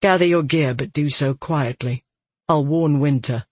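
A decisive male warrior leader in an audiobook, as a narrator puts him on. He speaks in short, firm lines, slow and husky. The sound is dry and close. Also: medium pitch, a little mellow, no echo. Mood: urgent.

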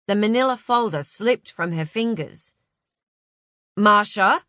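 A woman narrating a novel in a measured, even reading. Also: sits low, no room sound, clean studio sound. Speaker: audiobook narrator. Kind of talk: scripted narration.

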